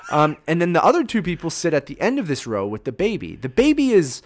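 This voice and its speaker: A man, co-hosting a casual podcast chat, telling a story in an animated way, swearing and acting out his own reactions. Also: fairly high pitch, quick pace, a little hiss or hum. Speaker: podcast co-host.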